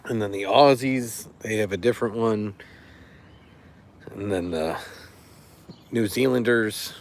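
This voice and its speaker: A man's voice: fairly low pitch, takes it slowly, a little hiss or hum. A middle-aged man from the Chicago area hosting a live stream, chatting casually and rambling a bit with his viewers. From Chicago area, USA. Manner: relaxed, chatty, rambling with fillers. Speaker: livestream host.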